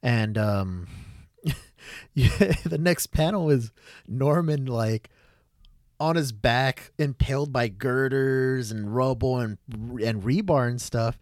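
A man's voice: mid-range voice, slow, no room sound. Young guy hosting a podcast, hyped and rambly, swears a lot, dry close mic. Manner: excitable, rambling, swears freely. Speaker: podcast host. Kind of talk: casual chat.

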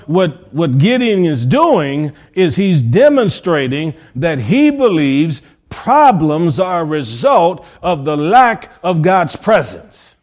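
A man preaching a sermon as pastor, firing off rhetorical questions and repeating key phrases, moving between soft asides and emphatic rises. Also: sits high.

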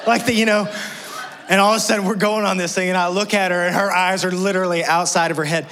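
A middle-aged man preaching a sermon as pastor, telling a personal story in an animated way and acting out the people in it. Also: sits high, fairly quick.

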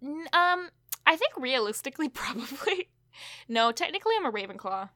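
A woman's voice: sits high, very animated, brisk, crowd noise. A woman co-hosting a podcast, recapping a TV episode in casual chat with chatty asides and fillers. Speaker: podcast co-host.

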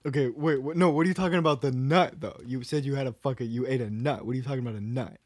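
A young man co-hosting a casual podcast, telling a story in an animated way and swearing a lot. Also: mid-range voice, rapid-fire, no echo, clean studio sound. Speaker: podcast co-host. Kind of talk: casual chat.

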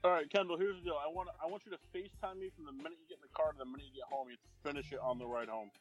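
A man hosts a podcast with a slightly high voice, teasing and bossing his friends in loose banter. Faint music plays underneath. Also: racing, muffled recording. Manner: joking, bossy banter. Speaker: podcast host. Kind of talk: casual chat.

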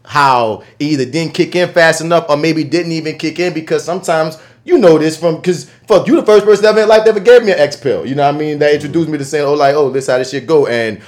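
A man's voice: fairly high pitch, fast talker, hardly any pauses. A young man chatting loosely on a podcast, rambling and full of fillers. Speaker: podcast co-host. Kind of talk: casual chat.

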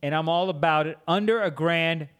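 A man from the United States hosting a podcast, arguing his points in animated casual banter and often laughing. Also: a little high, brisk, smooth. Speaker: podcast host.

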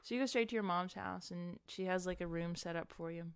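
Woman host, low-ish smooth voice, close and dry; improvises a story while someone plays along. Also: a little fast, no room sound. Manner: narrates a wild scenario, quoting characters. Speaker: host posing a hypothetical.

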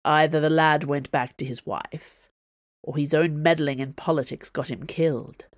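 Woman doing a bitter, gruff drunken swordsman. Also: deep voice, steady tone, normal speed, dry recording, highs cut off, close to an everyday voice. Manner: curt, gruff, dismissive.

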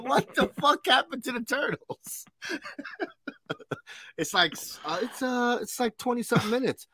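A man's voice: very high-pitched, animated, normal speed, long pauses, sharp tone, dry recording. A man co-hosting a casual pop culture podcast, laid-back, laughing often and calling his cohost bro. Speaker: podcast co-host.

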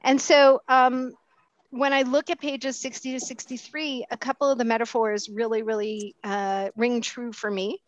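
A middle-aged woman giving a candid, self-mocking recovery talk, pausing often with fillers and restarts. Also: a little high, little pitch movement. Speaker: speaker sharing at a recovery meeting. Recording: dull, dry lo-fi sound.

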